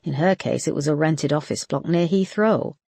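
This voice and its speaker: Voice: mid-range voice, moderate pace, gravelly, a little mellow, slightly rough, no echo. A no-nonsense woman in charge of a murder squad, curt and firm in her briefings, as an audiobook narrator plays her. The recording is dry and close. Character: female detective chief, brisk, no-nonsense.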